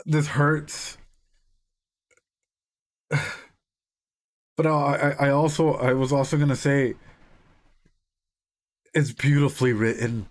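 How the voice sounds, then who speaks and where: A man's voice: mid-range voice, level tone, slow, long pauses. A young man, a psychologist, reacting live to an anime, swearing freely and laughing to hold back tears. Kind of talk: emotional live reaction commentary.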